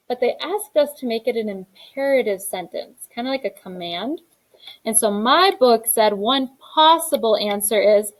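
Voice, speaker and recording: A woman's voice: fairly high pitch, expressive, normal speed, rough recording. A young adult woman teaching a grammar lesson in a classroom, reading each exercise aloud and then explaining the answer.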